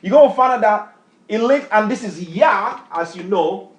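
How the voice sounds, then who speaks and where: A man's voice: sits high, expressive, normal speed. A man preaching and teaching scripture, emphatic, quizzing his reader with repeated questions in a call-and-response style. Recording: echoey room.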